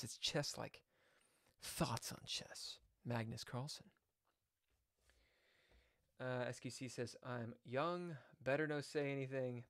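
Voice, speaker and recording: A man with a mid-range voice, recorded dry with studio quality, chats casually on a live chess stream. He reads viewer comments aloud and hops from one topic to the next.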